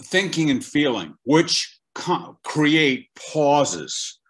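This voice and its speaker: With a slightly high voice, drawn-out words, and a breathy edge, an older voice acting teacher chats as an interview guest. He is a lively storyteller who keeps stopping and starting his sentences over.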